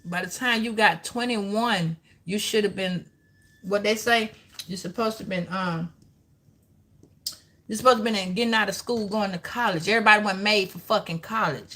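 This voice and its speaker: Woman, tarot reader, bright voice, cussing, rambling, preachy. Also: mid-range voice, normal speed. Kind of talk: live-stream tarot reading.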